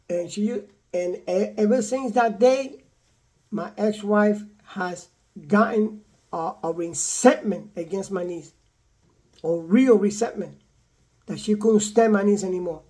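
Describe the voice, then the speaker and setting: A man's voice: high voice, a little slow. Older man telling his own story. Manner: repetitive, animated retelling with acted quotes. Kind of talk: casual storytelling monologue.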